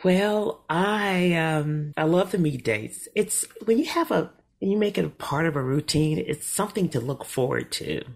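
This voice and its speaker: Low husky-voiced woman, slow and sultry. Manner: sultry, relaxed storytelling with laughs. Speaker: podcast co-host. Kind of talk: casual chat.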